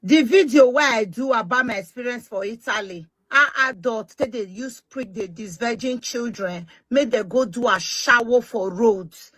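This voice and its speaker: A middle-aged woman with a Nigerian Pidgin English accent, speaking an impassioned monologue to her social media followers, forceful and emphatic and repeating her points. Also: on the high side, normal speed, hardly any pauses, dry recording.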